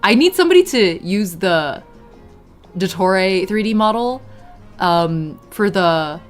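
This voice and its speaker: A young woman of middle pitch talks her way through a video game on a live stream, chatty and easily sidetracked. She breaks into sudden excited outbursts between stretches of offhand remarks. Faint music plays underneath her voice. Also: slow pace. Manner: chatty, easily distracted, bursts of excited exclamations. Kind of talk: casual live gameplay commentary.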